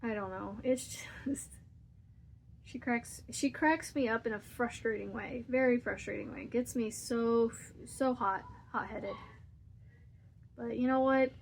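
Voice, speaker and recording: A woman's voice: a little high, unhurried, creaky, a little hiss or hum. Chatty, rambling woman crochet vlogger. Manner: rambling, chatty storytelling with frequent laughs. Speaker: crochet channel host. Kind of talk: casual chat while crocheting.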